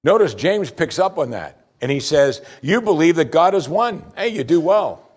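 A man preaching a sermon with emphatic delivery, swinging between loud stress and quiet asides. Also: fairly high pitch, sing-song, moderate pace, slightly rough. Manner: emphatic preaching, rising and falling in volume. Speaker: pastor.

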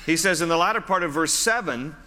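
A man's voice: on the high side, a little fast, sharp tone. A man preaching a sermon in a conversational way, repeating phrases for emphasis. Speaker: pastor. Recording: long hall reverb.

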